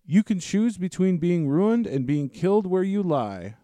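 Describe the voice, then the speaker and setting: A stubborn farmer talks bluntly and makes demands, as a man reads him out of a storybook. The voice is mellow and dry, with a slightly lifted pitch. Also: expressive, unhurried, no room sound. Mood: demanding. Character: gruff, stubborn male farmer hero. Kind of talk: dramatic reading of a story.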